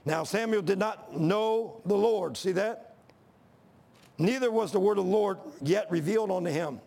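A man's voice: high voice, moderate pace, creaky, darkish tone. A man preaching a sermon, reading scripture and telling folksy stories.

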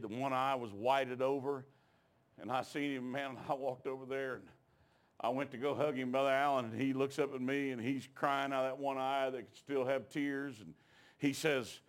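A middle-aged man preaching, telling a personal story in a folksy, emotional way that rises into shouted preaching. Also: mid-range voice, fairly even intonation, normal speed. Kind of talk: storytelling sermon.

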